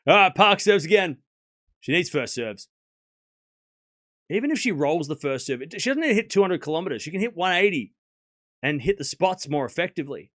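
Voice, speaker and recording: Slightly high and a little bright, a man's voice carries a live tennis watchalong stream. He narrates points in a chatty play-by-play, reads donations aloud, thanks the donors, and laughs a lot.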